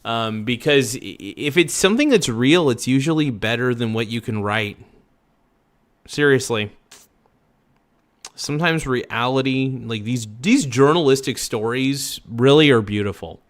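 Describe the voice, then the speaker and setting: A man's voice: medium pitch, a little slow, a bit bright. A man hosting a casual reaction livestream, rambling loosely and swearing freely. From Oregon.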